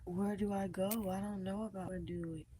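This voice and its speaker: A woman chatting on a live stream from home, telling a personal story in an emphatic, animated way and addressing her viewers as y'all. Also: medium pitch, brisk, slight background noise. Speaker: live-streamer and tarot reader.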